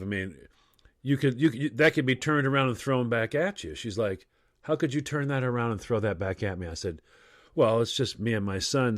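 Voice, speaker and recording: A man's voice: fairly low pitch, no room sound, studio quality. A middle-aged man chatting casually on a podcast, telling stories and acting out the voices of the people in them. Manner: animated storyteller, acts out quoted voices.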